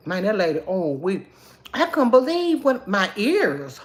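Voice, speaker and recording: Animated chatty woman livestreaming. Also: mid-range voice, a little slow. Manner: chatty, animated, greets viewers by name. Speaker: livestream host. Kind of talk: casual livestream chat with viewers.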